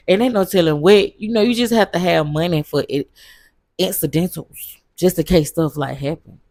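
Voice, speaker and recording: A woman's voice: deep voice, vocal fry, a little mellow, no room sound. A woman vlogger casually telling a travel story, loose and slangy with lots of fillers.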